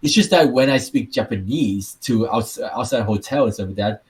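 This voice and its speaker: A man's voice: mid-range voice, normal speed, a little mellow. A man from Taiwan with a Taiwanese accent, co-hosting a casual podcast and telling rambling stories with repeated words and restarts. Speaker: podcast co-host.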